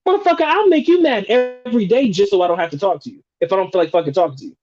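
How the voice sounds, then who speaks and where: Guy on a live stream, swears a lot, gets worked up, mellow voice, kinda dull lo-fi audio. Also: high-pitched, very fast, hardly any pauses, faint music behind. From United States. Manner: profane, animated, restarts and rephrases. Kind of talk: casual live stream chat.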